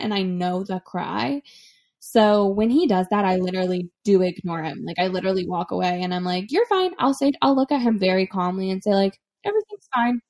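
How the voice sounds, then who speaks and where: A young woman co-hosting a casual podcast about parenting, chatting and laughing easily. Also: mid-range voice. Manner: relaxed, chatty, laughs often. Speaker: podcast co-host, mother. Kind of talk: casual chat.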